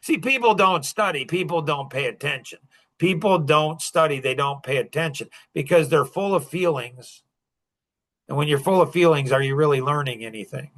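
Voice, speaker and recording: A man's voice: fairly high pitch, normal speed, a bit bright. A man coaching a group, lecturing in a blunt, emphatic and scolding way.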